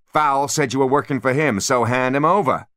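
A man's voice: low-pitched, big pitch swings, moderate pace, no echo, studio quality, heavily acted. A man doing a ranting, unhinged tycoon villain. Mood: frantic. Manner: ranting, shouting. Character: ruthless older male tycoon villain, unhinged.

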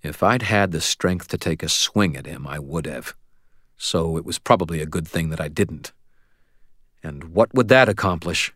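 A man's voice: low voice, normal speed, fairly bright tone, dry recording. A man narrating a first-person audiobook with a wry, dry delivery.

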